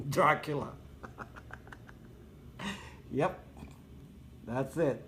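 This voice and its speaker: A man's voice: fairly high pitch, animated, unhurried, a bit bright, slight background noise. A man hosting a casual livestream, answering viewer comments with sarcastic jokes, frequent laughs and rambling asides. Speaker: livestream host.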